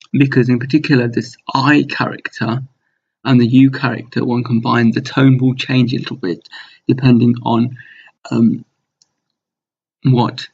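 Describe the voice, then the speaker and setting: A man teaching a recorded online language lesson over slides, relaxed and slow, with many pauses and fillers in a low, husky voice. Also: dull audio.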